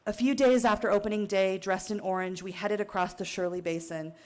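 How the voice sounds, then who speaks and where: A woman from Wyoming reading her own prose to an audience, measured and reflective, with a brief emotional catch. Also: medium pitch, fairly even intonation, darkish tone. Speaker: author reading her work. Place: outdoor tent stage.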